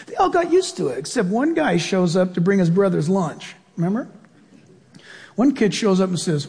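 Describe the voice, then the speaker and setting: A pastor preaching a sermon in an animated way, acting out voices and laughing as he goes. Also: high-pitched, moderate pace, vocal fry, slightly rough, long reverb tail. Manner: animated, acts out voices and laughs mid-sentence.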